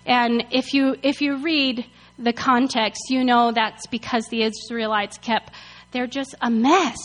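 High-voiced, chatty woman teaching the Bible. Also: in a large hall. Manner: chatty and animated, many "like" and "you know" fillers. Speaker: Bible study leader.

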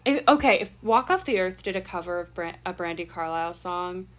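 A young woman chatting casually, telling an excited story with swearing and laughter. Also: fairly low pitch, brisk. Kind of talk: casual chat.

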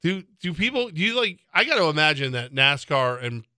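A man's voice: on the high side, very animated, brisk, pushed and bright, dry recording. A middle-aged man hosting radio sports talk, rambling and interrupting himself as he tells stories at a studio mic. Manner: rambling, self-interrupting storyteller.

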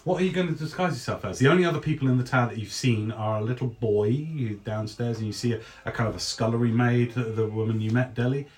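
A man narrating as game master, relaxed and hesitant with many restarts. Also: mid-range voice, quick pace, hardly any pauses.

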